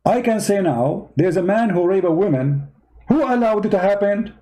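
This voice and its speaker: A man's voice: sits high, lively intonation, normal speed, warm tone, poor audio. A man with non-native English giving online commentary, arguing his point with rhetorical questions. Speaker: Christian commentator.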